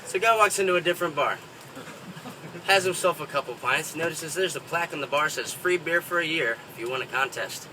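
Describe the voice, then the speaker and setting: A man's voice: a little high, brisk, distant mic, noisy background. A man doing stand-up, telling bar jokes in a folksy way and chuckling at his own punchlines. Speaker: stand-up comedian.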